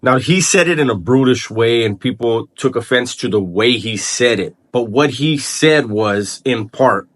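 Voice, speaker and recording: A man's voice: medium pitch, animated. A man hosting his own video channel, talking casually to the camera and restarting his sentences often as he thinks aloud. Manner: halting, repeats words and restarts while thinking aloud. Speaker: channel host. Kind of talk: casual vlog commentary.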